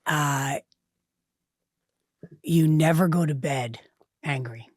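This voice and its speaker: A woman, a podcast guest, talking in a halting way with many restarts. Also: low voice, a little mellow, no echo, studio quality. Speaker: podcast guest, fitness trainer. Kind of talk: casual interview chat.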